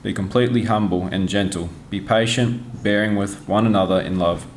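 A man reading a scripture passage aloud in a measured cadence to a congregation. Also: fairly low pitch, steady tone, slight background noise. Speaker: scripture reader.

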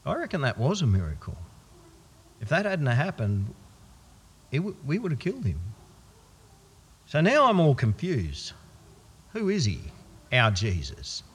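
A man's voice: medium pitch, wildly swooping pitch, measured pace, long pauses, breathy edge. An Australian man preaching a sermon in a church, folksy and musing. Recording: long church reverb.

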